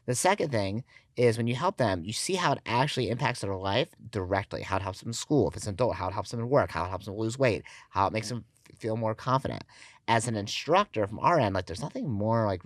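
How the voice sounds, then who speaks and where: A man's voice: on the low side, animated, fast, no room sound, clean studio sound. A man hosting a podcast, telling stories in casual conversation with lots of "like" fillers. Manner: storytelling, filler-heavy with frequent "like". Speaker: podcast host.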